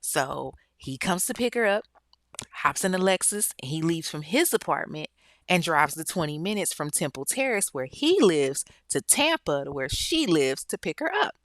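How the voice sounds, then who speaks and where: A woman's voice: deep voice, very animated, moderate pace, no echo. Chatty, blunt woman telling a true-crime story. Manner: chatty, blunt and profane, with frequent asides to listeners. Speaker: podcast host.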